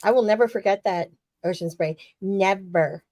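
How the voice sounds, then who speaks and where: A woman's voice: a little high, normal speed, a little mellow, no room sound. Fired-up, foul-mouthed woman chatting wrestling. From US West Coast. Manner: profane, fired-up and emphatic. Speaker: podcast co-host. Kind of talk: casual wrestling chat.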